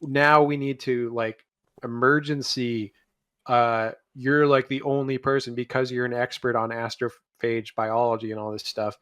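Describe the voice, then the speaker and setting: A man co-hosting a podcast, recapping a movie plot in a loose, rambling way with fillers, his voice dropping quiet at the ends of phrases. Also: medium pitch, fairly even intonation, normal speed, clean tone, no room sound, clean studio sound. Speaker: podcast co-host. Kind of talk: casual movie review chat.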